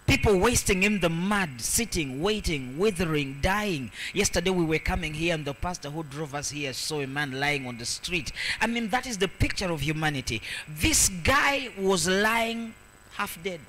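A man delivers a sermon from the pulpit, his voice pitched high and cutting. He reads scripture aloud, then drops into quiet asides before surging back into forceful, emphatic lines. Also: lively intonation, normal speed, a little hiss or hum, poor audio. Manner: emphatic preaching, swinging between loud declarations and soft asides. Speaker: pastor.

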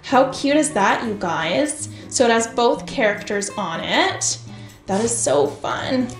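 Slow, gushing woman unboxing toys. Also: a little high. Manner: gushing, excitable, talks to viewers as "you guys". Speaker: toy unboxing host. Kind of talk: casual unboxing commentary. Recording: echoey room with faint music.

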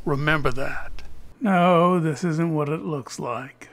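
A man hosting a casual how-to video, talking in a jokey, deliberate way. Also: on the high side, gravelly, fairly bright tone. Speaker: opal cutter and channel host. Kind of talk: casual instructional vlog.

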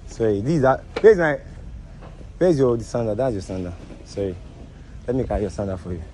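A man with a Nigerian accent hosts an outdoor prank video in a lowish, warm voice that runs a little fast. He laughs often and repeats himself in an apologetic, soothing way, in casual prank banter. The audio is poor, with slight background noise.

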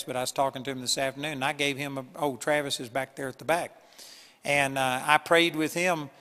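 A man preaching a sermon in an earnest, emphatic way, with sudden loud bursts on key points. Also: mid-range voice, big-room sound. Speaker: pastor. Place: church hall with a live audience.

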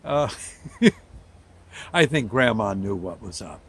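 A man's voice: fairly low pitch, animated, slow pace, husky. A man from New Jersey telling a childhood memory in a folksy, rambling storytelling way. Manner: folksy, rambling, with plain homespun words. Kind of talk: casual spoken storytelling.

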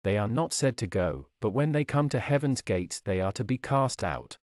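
Male sermon reader, solemn and dramatic, wide-ranging pitch, dry close sound. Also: very animated, normal speed, darkish tone, no echo. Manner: solemn, declamatory, rises and falls dramatically. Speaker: preacher. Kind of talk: reading a sermon aloud.

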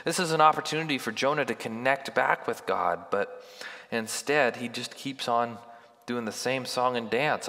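A man's voice: medium pitch, normal speed, in a large hall. A male pastor giving a sermon in a church, talking conversationally and pressing hard on key points. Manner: conversational and emphatic, building to forceful peaks. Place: church sanctuary.

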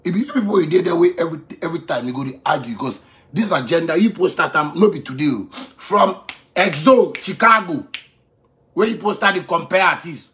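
A man in his thirties rants with swagger in Ghanaian Pidgin English, and his voice sits fairly high. He hammers his points by repeating phrases. He drops to near-mutters, then climbs back to loud boasts. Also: animated, fairly quick. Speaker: musician addressing critics. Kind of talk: boastful off-the-cuff rant.

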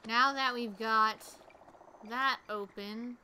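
Chatty bright-voiced woman streamer. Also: fairly high pitch, slow, slight background noise. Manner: chatty, excitable, talks to viewers. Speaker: game streamer. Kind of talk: casual gameplay commentary.

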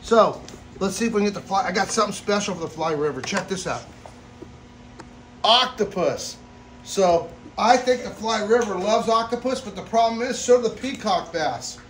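A man hosting a casual vlog at an exotic pet store, excitable, often bursting into laughter and loud exclamations while feeding animals. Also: high voice, normal speed, slight background noise. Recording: echoey room.

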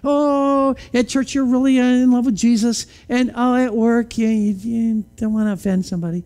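This pastor's sermon moves at a moderate pace with fairly even intonation. He fires off rhetorical questions in church, now and then sinking to a quiet, low voice to drive a point home.

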